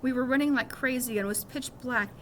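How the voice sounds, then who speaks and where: A woman reading a children's novel aloud with lively storytelling. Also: sits high, fast, a little hiss or hum. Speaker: reader of a novel.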